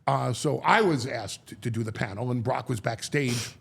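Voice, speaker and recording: As an interview guest, a middle-aged man recounts stories at a moderate pace in a mid-range voice with vocal fry and a breathy edge. He's lively and repetitive with his words, and he imitates the voices of the people he's quoting.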